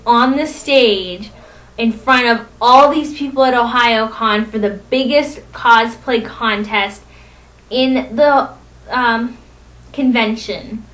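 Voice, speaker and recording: A woman's voice: on the high side, poor audio. A woman vlogging a casual, rambling recap of a convention weekend from home, telling stories with giggles. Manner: rambling, excitable storytelling with giggles.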